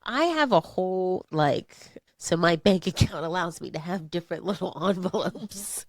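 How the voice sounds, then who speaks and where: A woman's voice: lowish voice, animated, normal speed, no echo, clean studio sound. A woman co-hosting a podcast, talking candidly and expressively, often laughing through hard subjects. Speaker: podcast co-host. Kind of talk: casual podcast chat.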